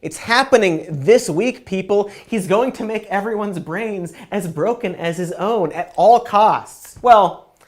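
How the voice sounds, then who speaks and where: A woman's voice: medium pitch, unhurried. A woman hosting a comedic news commentary, sarcastic and profane, sounding exasperated with the news.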